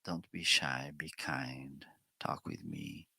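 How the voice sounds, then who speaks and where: A man's voice: extremely low pitch, fairly even intonation, slow, gravelly, sharp tone, husky, dry recording. A man hosting a casual live-stream product demo, chatting and testing microphones aloud with counts and laughs. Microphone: swapping between studio microphones.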